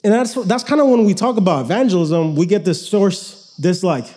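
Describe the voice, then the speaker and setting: High-voiced young man preaching casually. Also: moderate pace, dark tone. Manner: casual, conversational preaching with many restarts. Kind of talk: sermon.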